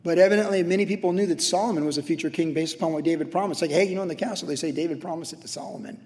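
High-voiced man in his sixties preaching. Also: very fast, in a large hall. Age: 60s. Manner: conversational, acts out quotes with sudden shouts. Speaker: pastor. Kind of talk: sermon.

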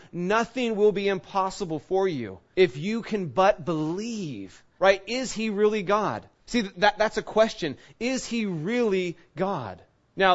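Male pastor, sermon, conversational storytelling, slightly high pitch, muffled lo-fi recording. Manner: storytelling, conversational, acts out quotes.

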